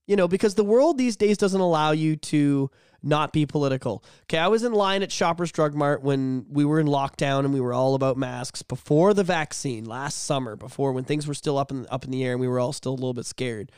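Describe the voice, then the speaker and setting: A man co-hosting a casual podcast, talking animatedly and swearing, slipping into mocking high voices. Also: a little fast, hardly any pauses, darkish tone, smooth, dry recording, studio quality. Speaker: podcast co-host. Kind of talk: casual chat.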